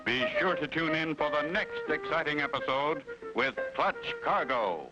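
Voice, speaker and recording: A man's voice: on the high side, expressive, a little slow. A man narrating a 1950s adventure cartoon in a dramatic announcer delivery, over the music of an old soundtrack. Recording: dull old soundtrack under loud music.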